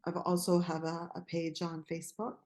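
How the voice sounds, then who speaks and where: A woman from Canada, a guest speaking earnestly and fervently about her own journey, with some halting restarts. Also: on the low side, completely flat delivery, darkish tone. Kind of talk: personal testimony in interview.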